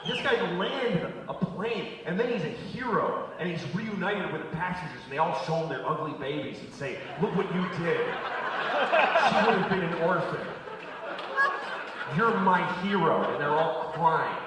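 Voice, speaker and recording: Profane comedian ranting on a live stage. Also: male voice, high voice, animated, normal speed, heavy background noise. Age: 40s. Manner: profane ranting, bursts into shouting. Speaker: stand-up comedian. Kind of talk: live stand-up routine. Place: theater stage before a laughing audience. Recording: roomy live hall from a distance, crowd laughter.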